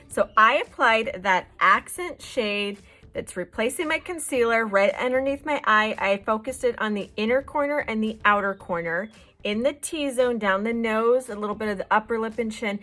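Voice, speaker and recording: A woman's voice: on the high side, normal speed, bright, forceful tone. A woman hosting a makeup tutorial, explaining each step in a chatty, reassuring way. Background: faint background music.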